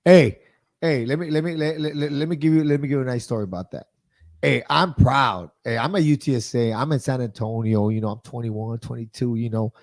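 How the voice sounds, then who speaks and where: Gravelly-voiced man telling a story. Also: mid-range voice, brisk. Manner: animated storyteller, often starts with "hey". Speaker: podcast host. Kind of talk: casual chat, storytelling.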